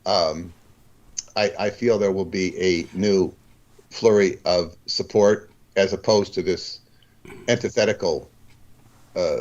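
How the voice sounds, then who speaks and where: Deep-voiced rambling man in conversation. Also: steady tone, highs cut off. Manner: rambling, halting, many restarts. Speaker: guest. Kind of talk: casual conversation.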